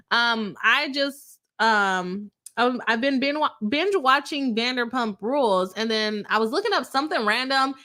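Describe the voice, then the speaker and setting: A woman's voice: a little high, sharp tone. A woman hosting a casual live stream, reading out viewer comments and laughing often between her remarks.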